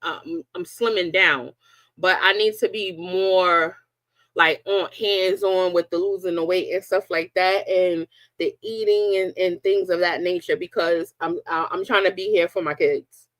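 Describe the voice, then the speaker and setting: Woman host, casual chat, slow pace, dry sound. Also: lowish voice, steady tone, fairly bright tone, no echo. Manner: slow, drawn-out talk with frequent fillers. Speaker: live stream host.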